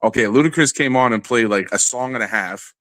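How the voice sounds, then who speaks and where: A man telling a long, animated and profane story in a casual podcast chat. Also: mid-range voice, a little fast, no room sound. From New York area.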